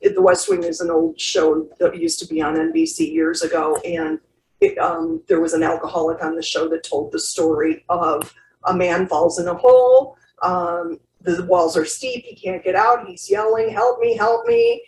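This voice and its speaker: Brief: woman podcast host, animated storyteller, off-mic with room echo. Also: mid-range voice, normal speed, vocal fry, far from the mic, a little hiss or hum. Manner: warm storyteller who does voices for characters. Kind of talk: conversational interview.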